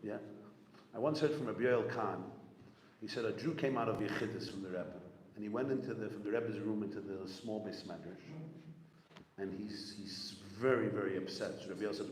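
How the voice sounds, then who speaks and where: A man giving a storytelling talk to a gathering, animated and repetitive, acting out the people he quotes. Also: fairly low pitch, normal speed, long pauses. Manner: animated storyteller, repeats phrases, acts out quotes. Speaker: rabbi speaking at a gathering. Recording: echoey hall with long reverb, faint room noise.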